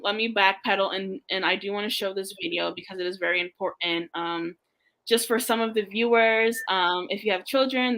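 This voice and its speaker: A woman, a guest on a live interview, explaining earnestly and halting with many fillers. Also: medium pitch, bright, forceful tone, poor audio.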